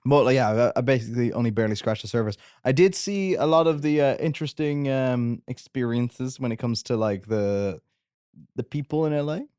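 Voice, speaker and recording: A man's voice: mid-range voice, fairly quick, a little mellow, smooth, dry recording, studio quality. A young Irish man telling a rambling story in casual chat, laid-back and swearing freely. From Ireland. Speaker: guest host.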